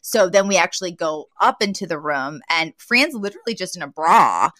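A woman's voice: on the low side, normal speed, no room sound, clean studio sound. A woman co-hosting a podcast, recapping a sitcom episode in casual, chatty talk full of fillers. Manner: chatty, many fillers, lively retelling. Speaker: podcast co-host.

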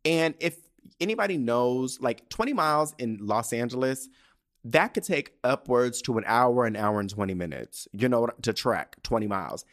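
A man's voice: medium pitch, animated, moderate pace. A man from San Diego hosting a podcast, telling a story in a brash, campy, profane casual monologue full of restarts. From San Diego, California. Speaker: podcast host.

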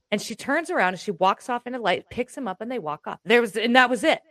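A woman chatting casually as a co-host at home, telling a personal story in an animated, rambling way with restarts and the odd swear word. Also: a little high, fast talker, few pauses, no room sound. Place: room in her home.

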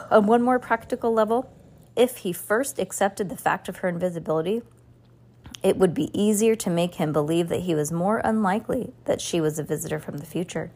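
A woman reads a novel aloud, as a teacher would to her class. Her narration is expressive and unhurried, and she slips into voices for the characters. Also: on the low side, slightly rough.

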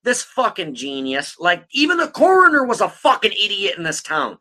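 Animated, foul-mouthed male podcast host. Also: sits high, normal speed. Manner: profane, blunt, laughs often. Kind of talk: casual true-crime storytelling.

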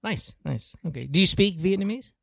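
A man's voice: sits high, animated, moderate pace, gravelly, breathy edge, dry recording, studio quality. A man co-hosting a podcast, joking and teasing a caller with stammering restarts. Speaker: podcast co-host. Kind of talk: casual banter with a caller.

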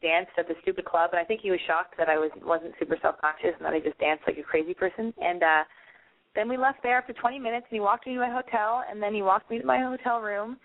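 A woman's voice: medium pitch, fast talker. A woman hosting a call-in podcast, giving dating advice in a brash, rambling, profane way. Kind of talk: casual call-in advice chat. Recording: phone-like narrow band.

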